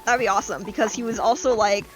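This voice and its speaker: A woman streaming a game, telling stories in a casual, animated way, acting out quotes and swearing freely. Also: fairly high pitch, quick pace. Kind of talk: casual gaming chat and storytelling.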